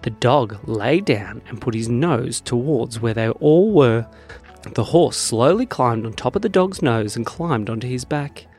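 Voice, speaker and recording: A man narrating a children's story, animated and expressive. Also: medium pitch, measured pace, slightly rough, faint music behind. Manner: animated, expressive read-aloud.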